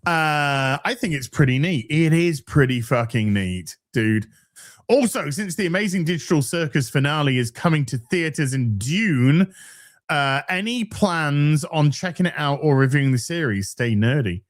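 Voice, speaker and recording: A man's voice: fairly high pitch, moderate pace. A man co-hosting a casual online talk show, reading viewer donations aloud with lots of laughs and swearing. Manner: animated, swearing, laughing often. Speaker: podcast co-host reading superchats. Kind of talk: casual chat.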